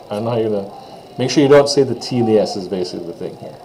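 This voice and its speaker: A man teaching French pronunciation in a casual lesson, stretching out model phrases slowly and tossing in quick asides. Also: fairly low pitch, mellow, slight background noise, poor audio.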